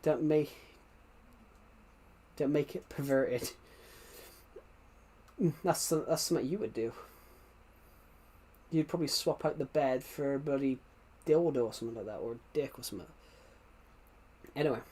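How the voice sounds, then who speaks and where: A man's voice: medium pitch, moderate pace, long pauses, dark tone, slightly rough. A British man chatting casually on a game stream, rambling and repeating himself, his mic set a bit away behind a laptop. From Britain. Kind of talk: casual gaming stream chat.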